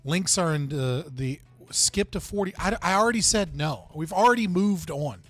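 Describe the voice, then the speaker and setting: A male live-stream host talking to his chat in a blunt, profane, laughing way. His voice sits a little on the high side. Faint music runs under him as he reacts from his desk. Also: lively intonation, normal speed, fairly bright tone.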